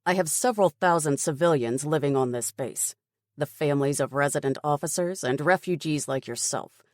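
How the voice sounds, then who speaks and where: Brisk, stubborn middle-aged male officer, voiced by a woman for an audiobook; clipped, dismissive delivery, dry close mic. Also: deep voice, no room sound, lightly acted. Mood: grim. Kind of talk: audiobook character voice.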